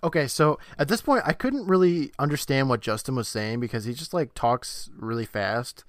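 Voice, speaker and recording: A man's voice: medium pitch, moderate pace, no echo, studio quality. Man in his thirties recapping a show. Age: 30s. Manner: relaxed storytelling with "like" fillers. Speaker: podcast co-host. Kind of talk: casual chat, recapping an episode.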